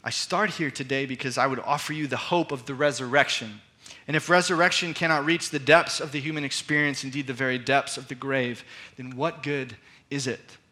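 Pastor guy preaching, bright kinda forceful voice, earnest storyteller vibe. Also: mid-range voice, steady tone. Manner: earnest, reflective storyteller who slows down for emphasis. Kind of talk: sermon.

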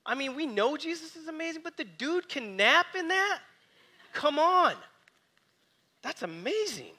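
A man preaching a sermon, telling stories with lively energy and dropping to quiet, soft reflection. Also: very high voice, normal speed. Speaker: pastor.

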